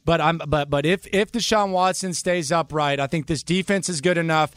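A man's voice: a little high, moderate pace, a bit bright, clear, resonant tone, no echo. A man co-hosting sports talk radio, emphatic and repeating his bold prediction.

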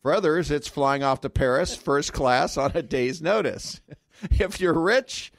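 A man's voice: fairly high pitch, a little slow, gravelly, dry recording, clean studio sound. A man explaining personal finance on a morning radio show, plainspoken and joking. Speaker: financial planner guest. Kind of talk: radio money segment and banter. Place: radio studio. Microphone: studio mic.

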